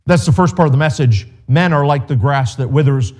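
Pastor, male: mellow, darker tone, earnest measured sermon delivery, speaks straight to the congregation. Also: mid-range voice. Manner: earnest, measured preaching with direct appeals to listeners. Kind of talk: expository sermon.

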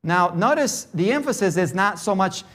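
Preaching a sermon, a man raised in Brazil moves from a childhood story into emphatic teaching on scripture. His voice sits high and is a bit bright and animated, at a normal speed.

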